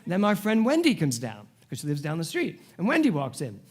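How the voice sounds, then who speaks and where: Middle-aged male preacher, fairly high voice that leaps around, tells jokes to his congregation. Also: fairly quick. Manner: animated, humorous storytelling to a live congregation. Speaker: spiritual director. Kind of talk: sermon. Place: church service before a congregation.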